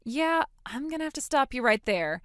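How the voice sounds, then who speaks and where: In a dramatic story, an actress plays a grown daughter, a blunt and sarcastic young woman cutting ties with her mother and standing up to her defiantly. Her voice is high and very animated, moving at a normal speed with a fairly bright tone. The studio-quality recording carries no room sound.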